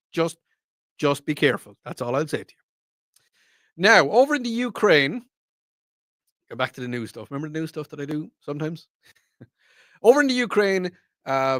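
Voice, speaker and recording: A man's voice: mid-range voice, a bit bright, dry recording, clean studio sound. An Irish man hosting a radio talk show, teasing and talking straight to his listeners in a casual way. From Ireland. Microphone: studio microphone.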